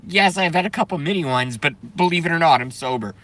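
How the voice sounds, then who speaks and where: A man's voice: a little high, animated, fast talker, a bit bright. A man doing a comedic, profane live stream rant, keeps breaking into laughing fits. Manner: profane, sarcastic.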